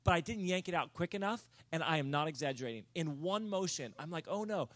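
A man telling a comic personal story in a sermon, animated and building to near-shouts. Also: fairly high pitch, quick pace.

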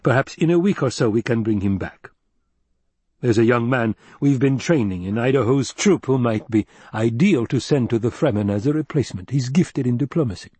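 A loyal old security chief who weighs every word, as a male reader voices him. His husky voice moves slowly and deliberately. The sound is dry and close to the mic. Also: medium pitch, lively intonation, warm tone, no room sound. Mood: measured. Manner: measured, cautious, deliberate. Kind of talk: audiobook reading.

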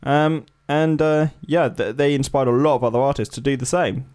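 A man's voice: medium pitch, steady tone, moderate pace, a little mellow, clear, resonant tone. A man co-hosting a casual music podcast, rambling with lots of fillers. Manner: rambling, many fillers and hedges. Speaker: podcast co-host. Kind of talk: casual chat.

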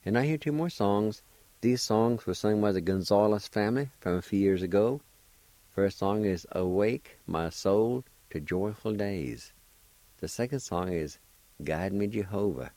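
Slow, deep-voiced older man teaching words. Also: animated, mellow, no room sound. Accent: Cherokee-speaking Oklahoma. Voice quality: patient, repeats each word and syllable. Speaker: language teacher on a radio show. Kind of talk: slow spelled-out language lesson.

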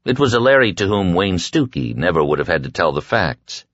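Deep-voiced male audiobook narrator. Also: big pitch swings, no room sound, dull audio. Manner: measured storytelling, quietly voicing dialogue. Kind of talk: scripted narration.

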